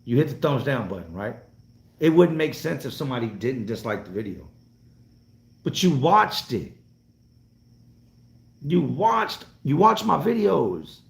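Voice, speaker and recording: This vlogger, a North Carolina man in his 40s, chats on a live stream and reads viewer comments with a blunt, profane, rambling delivery. His medium-pitched voice is sing-song and creaky, paced measuredly with long pauses, and the room gives it an echo.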